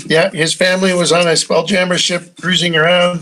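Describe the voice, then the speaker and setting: A male player describing his character casually, rambling and clearing his throat often. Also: fairly high pitch, steady tone, a little fast, sharp tone, rough recording. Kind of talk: casual game chat.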